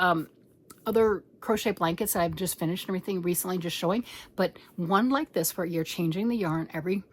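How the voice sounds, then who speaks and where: Middle-aged woman gushing about her crochet blanket at home, chatty, goes whispery now and then. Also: on the low side. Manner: chatty and excitable, drops to whispers. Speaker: crochet channel host. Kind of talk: casual show-and-tell chat.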